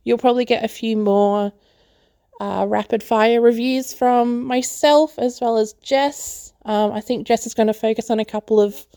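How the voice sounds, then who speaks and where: A woman with a fairly high voice talks through a film review in an easy, chatty podcast manner. She keeps dropping "like" fillers and laughing between thoughts. Her voice is recorded close up and dry, with almost no room sound. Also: steady tone, normal speed, warm tone, no echo. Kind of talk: casual movie review chat.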